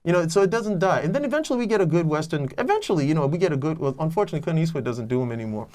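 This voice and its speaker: A man's voice: on the high side, expressive, rapid-fire, a little mellow. A man co-hosting a casual movie review chat, giving long rambling explanations full of restarts. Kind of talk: casual film discussion.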